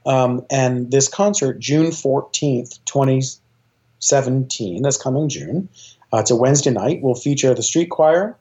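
A man's voice: medium pitch, unhurried, dark tone, highs cut off. A man, a choir director, talking as an interview guest, eager and rambling, with lots of fillers and restarts. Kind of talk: casual interview talk.

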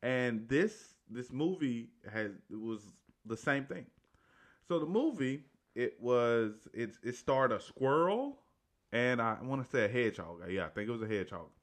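A man's voice: mid-range voice, lively intonation, a little slow. A man casually retelling a movie's story, rambling along with restarts, self-corrections and "right?" tags.

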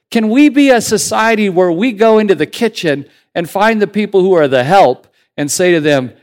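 A man preaching a sermon as pastor in a conversational, animated way, building to emphatic points. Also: sits high, normal speed, few pauses.

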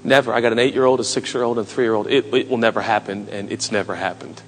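A man in his thirties preaching a sermon with passion, his voice climbing to shouts and dropping to quiet asides. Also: lowish voice, fairly even intonation, fast, few pauses. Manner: impassioned preaching, rising to shouts. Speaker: pastor. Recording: long hall reverb, music behind.

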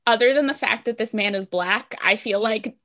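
A woman's voice: on the high side, moderate pace, sharp tone. A woman co-hosting a podcast, casually retelling a show's plot with plenty of filler words. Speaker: podcast co-host recapping a show. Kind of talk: casual chat.

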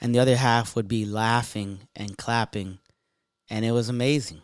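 A man's voice: mid-range voice, fairly even intonation, normal speed, smooth, no echo, studio quality. A young adult man hosting a podcast, talking in an upbeat, hyped way and swearing freely. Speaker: podcast host. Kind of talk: casual podcast intro.

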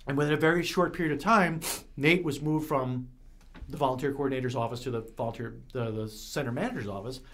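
A man at an average pitch for his sex tells a long, heartfelt story in casual conversation. He circles back on himself with frequent restarts and repeated words, and he speaks with open emotion about his work. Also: fast talker, fairly bright tone. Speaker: guest, recovery center manager.

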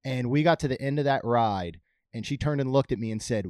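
A man's voice: medium pitch, a little fast, darkish tone, clear, resonant tone, no room sound, studio quality. A middle-aged man hosting a podcast, chatting casually and telling family stories with lots of fillers. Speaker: podcast host. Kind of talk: casual chat.

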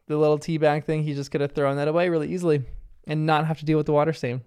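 Male recapper, casual and rambling, smooth fairly high voice. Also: level tone, very fast, a little mellow. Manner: chatty and rambling, heavy with filler words. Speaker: show recapper. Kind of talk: casual episode recap commentary.

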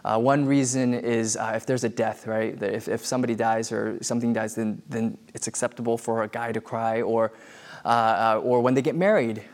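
A man's voice: medium pitch, steady tone, moderate pace, a little mellow. A man preaching a sermon in a conversational way, with many fillers and restarts. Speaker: pastor.

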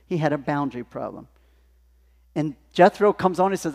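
A male pastor delivers a sermon in a chatty, storytelling way. His voice sits somewhat high for a man. A long church reverb trails after his words. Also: moderate pace. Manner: conversational, animated storytelling. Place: church sanctuary.

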